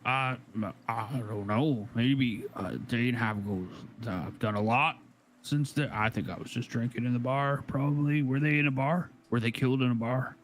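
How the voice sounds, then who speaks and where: A man playing a tabletop game character, speaking in a halting, stammering way. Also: medium pitch, slight background noise. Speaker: player. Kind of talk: in-character tabletop role-play.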